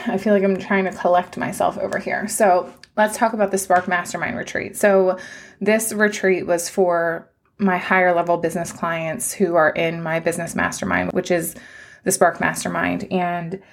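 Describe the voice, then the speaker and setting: A woman in her thirties with a low, gravelly voice hosts a casual solo podcast. She talks in long, run-on stretches and gushes with emotion, keeping her pitch flat and level. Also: normal speed. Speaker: podcast host.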